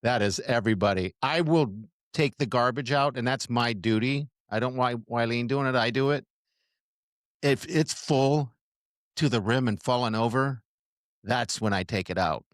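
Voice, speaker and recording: A middle-aged man co-hosting a chatty podcast, rambling along with lots of restarts and laughter. His voice sits at an ordinary pitch, and the recording is close and dry with no room sound. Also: moderate pace, dry recording. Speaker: podcast co-host. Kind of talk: casual chat.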